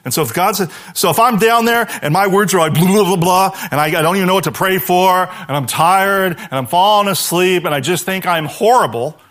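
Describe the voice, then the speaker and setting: High-voiced guy preaching a sermon, lively, goes quiet for the prayer bits. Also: brisk, hardly any pauses. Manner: animated preaching, dropping to a hushed voice for quoted prayers. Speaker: pastor.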